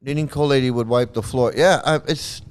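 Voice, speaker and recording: A man's voice: mid-range voice, a little fast, smooth. A man hosting a live reaction commentary, talking in a rambling, repetitive way with many false starts. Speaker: channel host.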